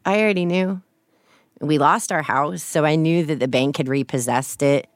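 Low-voiced woman from Texas, candid. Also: moderate pace, no room sound, clean studio sound. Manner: casual and candid, with "like" fillers. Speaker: interview guest. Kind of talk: personal storytelling in an interview.

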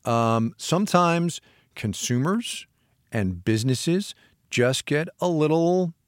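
Lively man explaining things. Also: on the high side, slow pace, no echo, studio quality. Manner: lively, laughing, self-interrupting explainer. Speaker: podcast co-host. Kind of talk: casual explanatory chat.

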